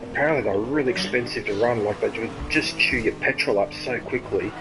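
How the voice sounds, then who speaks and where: An Australian man talks casually over his gameplay, chatty and quick to react. His voice sits at an ordinary middle pitch. Game sounds and engine noise run clearly underneath. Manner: chatty, swears freely, reacts loudly to the game. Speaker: gaming channel host. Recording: noisy game audio behind.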